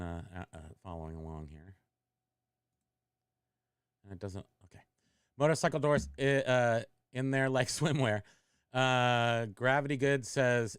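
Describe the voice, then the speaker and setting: A man's voice: medium pitch, clear, resonant tone, no echo, clean studio sound. A middle-aged man hosting a casual livestream, rambling and interrupting himself as he reads chat comments aloud. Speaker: online reseller and livestream host.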